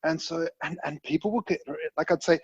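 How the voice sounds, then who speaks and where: A man's voice: a little high, a little fast, slightly rough, no room sound. A man co-hosting a podcast, rambling with many restarts and the odd playful, preachy aside. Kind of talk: casual video-call chat. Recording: dull lo-fi mic.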